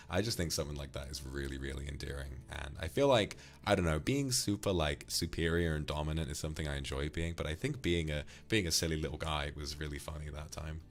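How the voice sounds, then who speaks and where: A man's voice: a bass voice, fast, hardly any pauses. A man from the UK, streaming and casually thanking viewers for donations, affectionately calling them darling. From United Kingdom.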